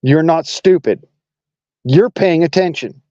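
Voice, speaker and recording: A man's voice: fairly high pitch, takes it slowly, dark tone, no room sound, dull audio. A man from Arkansas with a Southern accent, hosting a casual political monologue in a blunt, profane, rambling way. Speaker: online talk show host.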